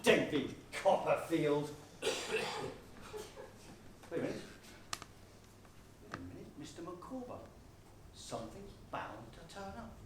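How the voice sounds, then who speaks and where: An actor on stage playing a pompous, blustering middle-aged Home Guard captain, recorded from far off in an echoey hall. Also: male voice, high voice, expressive, normal speed, noisy background. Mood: eager. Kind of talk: amateur stage comedy performance. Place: theatre stage.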